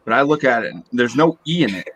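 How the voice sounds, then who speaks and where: A man's voice: medium pitch, expressive, fast, a crowd in the background. A man from the northeastern United States, a panelist in a casual group chat, earnestly repeating his point.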